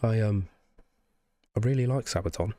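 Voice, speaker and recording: Nasal and congested with the flu, a young man hosting music reactions on YouTube speaks at a moderate pace in a lowish, dark voice, with no room sound. He's casual and enthusiastic, rambling along with swearing and a fondness for "you know what I mean?".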